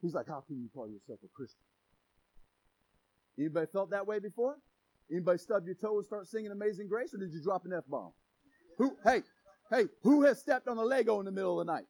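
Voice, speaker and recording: Pastor guy with a really high voice, preaching energetic, cracks jokes, hollers the big points. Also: fast, rough recording. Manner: energetic, joking, preaching with shouted emphasis. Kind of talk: sermon.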